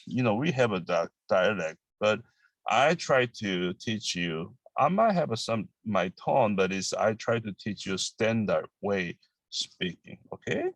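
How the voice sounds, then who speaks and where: A man from Busan with a Korean accent teaching a language lesson, drilling phrases and explaining in halting English with many fillers. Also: lowish voice, sing-song, no echo, low-quality recording. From Busan, South Korea.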